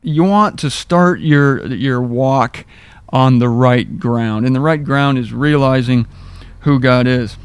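A man's voice: medium pitch, clean tone, dry recording. Wry, conversational male Bible teacher. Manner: conversational, wry, rereads verses slowly for emphasis. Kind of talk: informal verse-by-verse Bible teaching.

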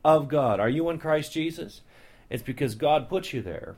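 A man's voice: fairly high pitch, animated, normal speed, darkish tone, slightly rough. A man preaching a Bible teaching sermon, repeating key phrases with emphasis and breaking in with casual asides. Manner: conversational asides and fillers.

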